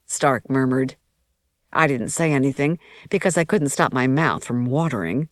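Low woman's voice, even reading, dry close sound. Audiobook narrator. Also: moderate pace, no echo. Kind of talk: first-person scripted narration.

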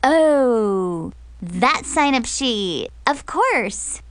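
A woman's voice: fairly low pitch, slow pace, pushed and bright, clear, resonant tone, no room sound. A woman voicing a giggly teenage girl with a nasal voice in a storybook reading. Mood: confused.

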